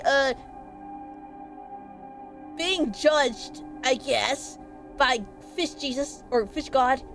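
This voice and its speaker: A woman's voice: high-pitched, low-quality recording. A woman streaming a game who rambles, jokes, and chats with her viewers. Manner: rambling, jokey, chatty with viewers. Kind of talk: casual game commentary.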